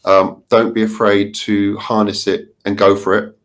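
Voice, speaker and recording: A man's voice: fairly low pitch, flat delivery, measured pace. A middle-aged man from the UK answering interview questions casually, chatty and given to laughing and restarting sentences. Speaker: interview guest, marketing consultant.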